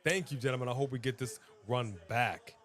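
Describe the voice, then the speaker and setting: A man co-hosting a live wrestling watch-along in casual chat, excitable and exclaiming often. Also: mid-range voice, brisk.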